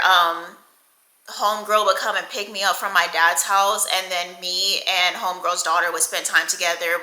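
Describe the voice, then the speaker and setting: A woman in her twenties telling a casual storytime, chatty and animated, swearing and laughing a lot. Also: medium pitch. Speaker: vlogger. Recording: echoey room.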